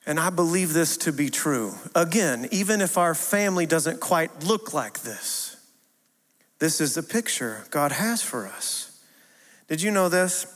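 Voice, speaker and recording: A man in his thirties preaching a sermon, earnest and repetitive, moving from hushed tenderness to emphatic declarations. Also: on the high side, expressive, measured pace. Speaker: pastor. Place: church sanctuary. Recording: long hall reverb.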